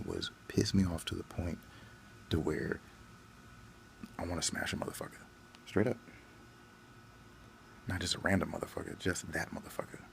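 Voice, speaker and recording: A man's voice: low voice, gravelly, slight background noise. A man hosting his own channel, delivering a profane, angry, blunt vlog rant. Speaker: channel host.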